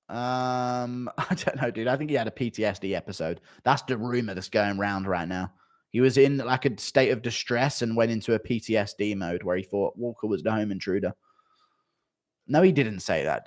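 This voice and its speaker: A male streamer chatting casually on a livestream while thanking donors and answering chat. He talks in a crude way, swears freely and keeps breaking into laughter. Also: medium pitch. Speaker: streamer reading donations.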